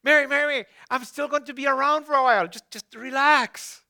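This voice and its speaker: A man preaching, briefly voicing a gentle, reassuring risen man who speaks in an easygoing way. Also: very high-pitched, steady tone, fairly quick, exaggerated voice. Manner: soothing, easygoing.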